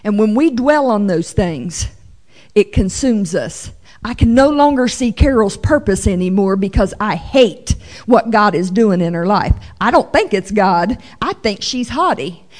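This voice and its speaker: A woman teaching the Bible to her congregation, reading scripture with slow emphasis and adding playful, animated asides. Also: mid-range voice. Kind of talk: sermon-style Bible teaching.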